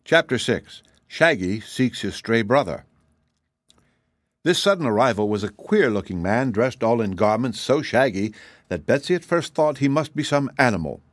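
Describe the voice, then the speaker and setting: A man reading a classic storybook aloud as narrator. His pitch sits in an ordinary middle range, but he swings it up and down with lively, animated intonation. The recording is dry and close to the mic. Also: moderate pace, dry recording. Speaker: audiobook narrator.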